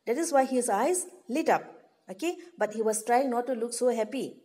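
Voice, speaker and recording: A woman's voice: on the high side, normal speed, warm tone. A woman teacher, reading a story aloud and explaining it to pupils, often repeating herself. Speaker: English teacher.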